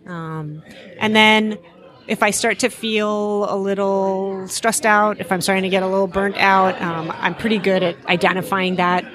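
A woman's voice: medium pitch, moderate pace, a crowd in the background. A woman in her forties, a physician and guest, chatting casually with frequent fillers and easy laughter. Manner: relaxed, laughs easily, many fillers. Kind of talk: casual interview chat.

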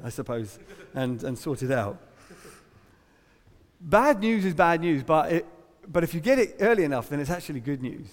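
A middle-aged English preacher gives a sermon from the front of a church hall, his voice a little high for a man. He's conversational, humorous and emphatic, pressing hard on the words he wants to land, while long reverb trails every phrase.

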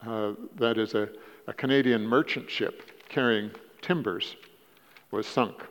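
A man preaching a sermon in a church, telling stories in a halting way, repeating words and rising in pitch for emphasis. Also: a bit bright. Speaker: guest preacher. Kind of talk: sermon with storytelling. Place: church sanctuary. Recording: dull lo-fi church recording with long reverb.

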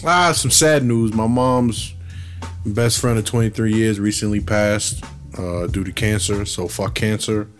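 A man who does stand-up, co-hosting a podcast with quick, laid-back slangy reactions. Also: on the low side, soft background music. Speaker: podcast co-host. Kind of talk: casual banter.

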